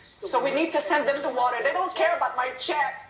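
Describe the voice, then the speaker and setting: A woman guest in a live TV interview, crying as she talks, impassioned and pleading in rapid bursts. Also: high-pitched, a bit bright. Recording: roomy broadcast audio.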